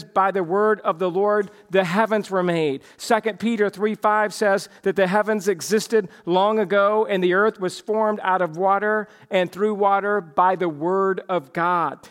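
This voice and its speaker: A man's voice: high-pitched, a bit bright. A man preaching a morning sermon as pastor, emphatic and shifting his pace for effect.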